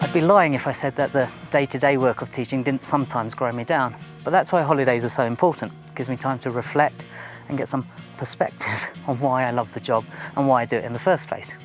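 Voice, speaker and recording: Chatty science teacher presenting. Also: male voice, mid-range voice, brisk, soft background music. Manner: chatty, informal, self-deprecating. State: a bit out of breath. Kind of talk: documentary presenting to camera. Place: outdoors on a mountain top.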